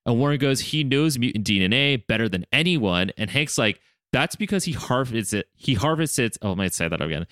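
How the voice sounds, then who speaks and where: A man's voice: medium pitch, fairly quick, few pauses, clear, resonant tone, dry recording, clean studio sound. A man co-hosting a podcast, retelling an episode in casual chat and acting out the characters' lines as he goes. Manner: animated, acts out characters' lines while retelling. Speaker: podcast co-host.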